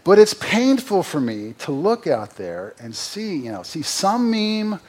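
Husky pastor preaching earnestly. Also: male voice, on the high side, very animated, a little slow, a little mellow. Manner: earnest, with sarcastic asides and rising emphatic peaks. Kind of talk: sermon.

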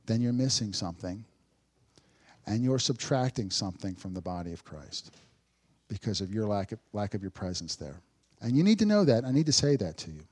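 Male pastor, conversational sermon delivery, dry humor, big dynamic swings. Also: fairly low pitch. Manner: conversational preaching with dry sarcasm, swings from loud to hushed.

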